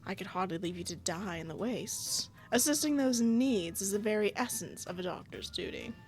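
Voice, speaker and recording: A woman voicing a polite, formal male doctor who reads his game lines in a measured, courteous way. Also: medium pitch, expressive, faint music behind, lightly acted. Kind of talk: reading game dialogue aloud.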